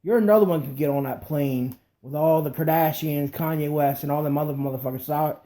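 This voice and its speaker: A man's voice: on the high side, a little fast, dark tone. A man co-hosting a talk show, chatting casually and cursing as he gripes. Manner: profane, joins in the griping. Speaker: podcast co-host. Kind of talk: casual chat.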